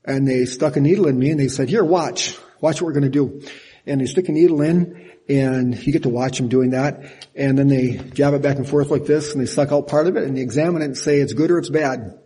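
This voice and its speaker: An older man preaching a sermon in a folksy, animated way, laughing at himself now and then. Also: mid-range voice, fast, husky. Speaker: pastor.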